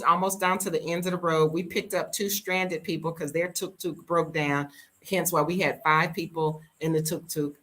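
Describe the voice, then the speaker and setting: A lower-pitched American woman in her fifties vents in a casual vlog story. She is blunt and emphatic, leaning on repeated words to drive her point home. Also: fairly bright tone. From United States. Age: 50s. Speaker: vlogger living abroad.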